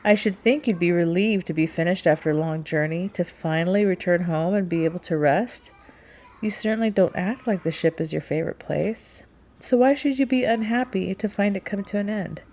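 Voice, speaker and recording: A woman's voice: on the low side, moderate pace, darkish tone, natural voice. A woman reading the part of an outspoken young woman who questions in a precise, analytical way. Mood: probing.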